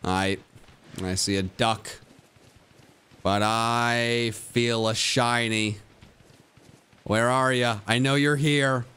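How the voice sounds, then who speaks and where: Guy streaming a game, smooth clear voice, mutters to himself, cracks jokes, yells up high sometimes. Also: steady tone, extremely slow, long pauses. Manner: muttering to himself, jokey, bursts of high-pitched yelling. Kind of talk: live gameplay commentary.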